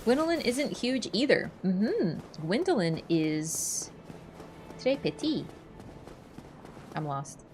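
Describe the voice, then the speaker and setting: A chatty woman, talking casually while she plays a game on stream. Her pitch sits in a middle range, and she laughs often as she answers her viewers. A faint hiss runs under the recording. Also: sing-song, slow, hardly any pauses, darkish tone. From Canada. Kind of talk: casual gaming livestream chat.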